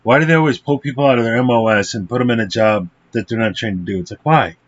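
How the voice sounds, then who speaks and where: A man's voice: medium pitch, fast talker. Casual male film reviewer with an ordinary mid-range voice. Blunt and profane, rambles with fillers, on a dull lo-fi recording.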